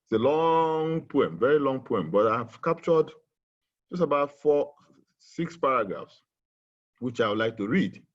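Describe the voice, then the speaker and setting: Man, husky, halting webinar talk. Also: medium pitch, animated, lo-fi sound. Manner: halting with many fillers, slow and emphatic when reading. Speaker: webinar speaker. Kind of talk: webinar talk with a poem reading. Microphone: video call.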